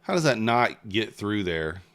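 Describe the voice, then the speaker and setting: A man's voice: on the low side, sing-song, measured pace, a bit bright. A man giving casual live commentary on his day trading, muttering at the market in frustration. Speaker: day trader streaming live.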